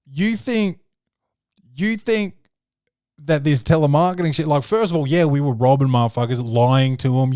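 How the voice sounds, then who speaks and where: A young man rants through his podcast in a fast, slangy, swear-heavy way. His voice sits a little high for a man. The sound is dry and close, with no room around it. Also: no echo. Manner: swearing, slangy, animated storytelling. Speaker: podcast host. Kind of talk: casual profane monologue.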